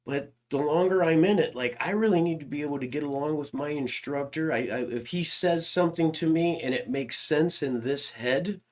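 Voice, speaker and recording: A man hosting a podcast interview, talking in a reflective, halting way with small restarts. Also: a little high. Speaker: podcast host. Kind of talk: casual interview chat.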